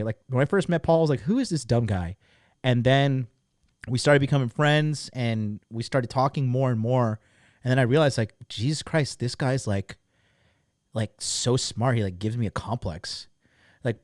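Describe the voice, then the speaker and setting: A mid-range male voice, recorded dry and at studio quality, belongs to a podcast host in his thirties. In a casual monologue promoting a course, he's blunt, profane, animated and emphatic, with lots of "like" fillers.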